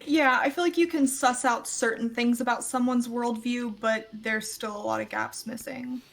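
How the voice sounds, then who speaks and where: A woman's voice: on the high side, fairly even intonation, normal speed, vocal fry. A woman guest in a casual conversation, explaining things in a matter-of-fact way.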